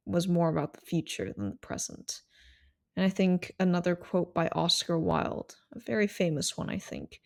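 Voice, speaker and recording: A woman hosts a solo podcast and muses her way through history and ideas. Her voice sits on the low side, with a lot of vocal fry. She explains things reflectively and thinks aloud as she goes. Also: darkish tone. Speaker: podcast host.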